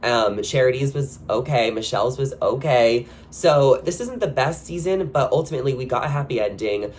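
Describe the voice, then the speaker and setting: A man hosting a reality TV commentary channel, talking casually and gossipily with lots of "like" fillers and sudden jumps in pitch on his questions. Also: expressive, moderate pace, a little hiss or hum. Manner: chatty and gossipy, with frequent "like" fillers. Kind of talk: casual opinion commentary to camera.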